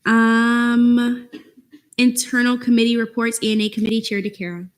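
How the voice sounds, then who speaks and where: A young woman presiding over a student government meeting, briskly calling on committee chairs. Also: on the high side, little pitch movement. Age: young adult. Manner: brisk, procedural, calls on speakers.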